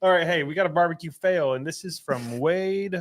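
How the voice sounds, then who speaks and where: A man's voice: a little high, fairly quick, dry recording. A man from Texas co-hosting a casual podcast, laid-back and teasing. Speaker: podcast co-host. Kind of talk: casual chat, reading a listener story.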